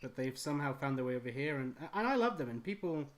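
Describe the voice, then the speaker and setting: A man's voice: mid-range voice, big pitch swings, fast talker, a little hiss or hum. Chatty British man hosting a stream. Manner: chatty, self-deprecating, rambling anecdotes. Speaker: stream host, artist. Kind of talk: casual chat.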